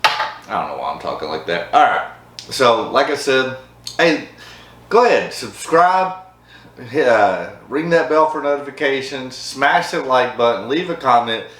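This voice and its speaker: A man's voice: medium pitch, big pitch swings, unhurried, fairly bright tone, recorded from a distance. A man hosting a casual whiskey tasting vlog, chatty and upbeat with frequent laughs. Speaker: host of a whiskey review channel. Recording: echoey room with faint background hum.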